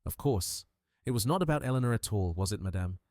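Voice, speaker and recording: Belgian detective played by a male narrator, shrewd, fussy, implacable, French asides, animated pitch, dry recording. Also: quick pace, dry recording, close to an everyday voice. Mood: accusing. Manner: gentle but implacable, sprinkles French phrases. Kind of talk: audiobook character voice.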